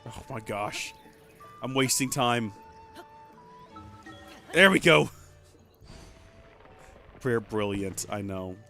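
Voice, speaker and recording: A man gives casual, rambling commentary while playing a video game on a livestream. His voice sits at an ordinary middle pitch. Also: lively intonation, extremely slow, gravelly, pauses often, pushed and bright, soft background music. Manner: chatty, rambling. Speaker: let's play streamer.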